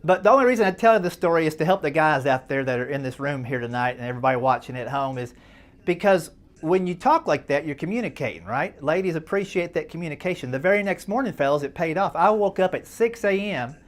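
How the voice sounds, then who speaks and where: A man tells stand-up stories at a dinner event in a folksy, self-deprecating way. His pitch swings freely and expressively as he talks. He keeps turning to the crowd with easy asides. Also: animated, fast. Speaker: stand-up comedian at a charity dinner. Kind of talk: stand-up comedy storytelling.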